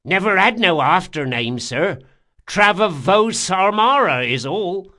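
A man voicing a grizzled, terrified male bandit who pleads and begs in a high, strained voice. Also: animated, slow, sharp tone, exaggerated voice. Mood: cowed. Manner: pleading, begging, cringing.

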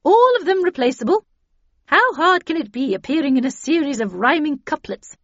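A woman's voice: sits high, animated, normal speed, no echo, voice pushed up. Woman playing a brusque old spinster. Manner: curt, sharp, dismissive. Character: irascible old car-mad spinster, brusque. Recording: dull dry lo-fi audio.

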